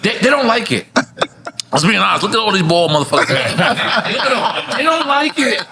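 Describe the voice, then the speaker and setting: Loud cussing new york guy hosting a hangout chat, kinda high bright voice. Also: big pitch swings, brisk, gravelly, a little hiss or hum. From New York City. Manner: boisterous, profane, laughs often. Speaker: podcast host. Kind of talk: loose casual chat over drinks.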